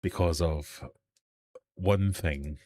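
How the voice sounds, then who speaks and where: A man's voice: deep voice, very slow, dark tone. A man hosting a casual live stream from his fish room, rambling and self-deprecating as he chats and runs a quiz. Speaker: host of a live fishkeeping hangout stream.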